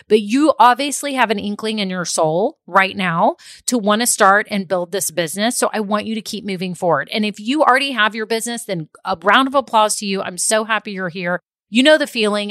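A woman's voice: medium pitch, fairly bright tone, no room sound, clean studio sound. A middle-aged woman hosting a solo podcast, upbeat and gushing in a chatty monologue. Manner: upbeat, gushing, conversational, says y'all. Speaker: podcast host.

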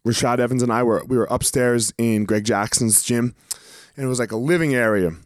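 A man's voice: medium pitch, fairly even intonation, fairly quick, dry recording, clean studio sound. A man, a former professional fighter, talking casually and motivationally, with blunt swearing and repeated words for emphasis.

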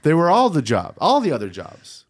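A young man co-hosting a podcast, trading quick, ironic jokes in casual chat. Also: on the high side, dry recording. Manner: jokey and animated, quick ironic quips. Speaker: podcast co-host. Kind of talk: casual chat recapping a reality show.

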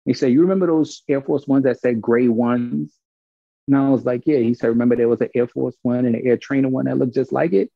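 A man from Brooklyn, telling a story in casual, animated talk and acting out the other people's lines. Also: medium pitch, fairly quick, gravelly, no echo, narrow, tinny audio. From Brooklyn, New York. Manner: animated, acts out quoted dialogue, swears freely.

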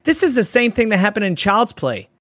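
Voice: mid-range voice, very animated, a little fast, fairly bright tone, no echo, studio quality. Exasperated speaker ranting about a film. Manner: exasperated, swears, mimics characters. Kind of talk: casual film discussion.

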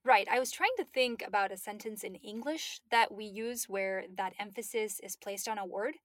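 A woman co-hosting a language lesson podcast, setting clear practice questions. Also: mid-range voice, moderate pace, a bit bright, no room sound. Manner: clear, asks guiding questions. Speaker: co-host.

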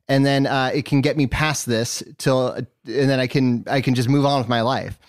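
A man in casual chat who talks haltingly, with many "uh"s and restarts. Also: medium pitch, steady tone, clear, resonant tone, no echo, studio quality.

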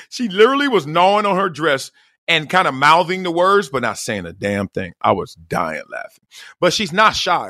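A man's voice: fairly high pitch, no echo, studio quality. A middle-aged man hosting a podcast, telling stories in a loose monologue, acting out the people he quotes and laughing often. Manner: animated, acts out quoted voices, laughs often. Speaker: podcast host. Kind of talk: casual storytelling monologue.

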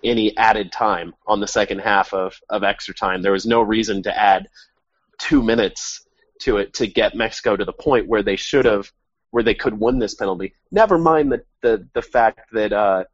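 A man's voice: on the low side, moderate pace, dry recording, dull audio. A man hosting a casual sports podcast over a remote call, talking wryly and correcting himself as he goes. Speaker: podcast host. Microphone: remote call mic.

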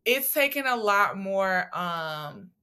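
A woman hosts a podcast in casual conversation, with a bright, forward tone. She talks expressively and laughs often while sharing her own stories. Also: medium pitch, animated, takes it slowly, clear, resonant tone. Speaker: podcast host.

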